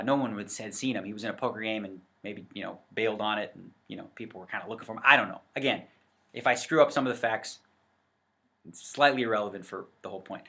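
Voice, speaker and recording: A man's voice: on the low side, creaky, sharp tone. A man giving a casual, rambling rant to camera on a vlog, full of fillers and self-corrections. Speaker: poker vlogger. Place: indoors in front of a set backdrop. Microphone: facing the camera.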